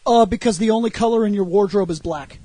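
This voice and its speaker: A man hosting a casual podcast chat, telling stories with energy, swearing and acting out shouted lines. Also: sits high, quick pace, dry recording. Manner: animated storyteller, shouts acted-out lines, laughs and swears. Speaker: show host.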